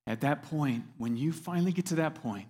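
A man's voice: on the high side, brisk, a little mellow. A man preaching a sermon as a pastor, earnest, repeating words as he stresses his points. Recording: long hall reverb.

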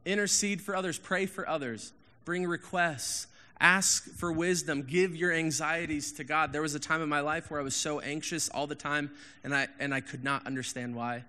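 A man in his thirties preaching a casual sermon as a pastor, candid and animated, going from loud emphasis to hushed asides. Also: on the high side, normal speed, long reverb tail.

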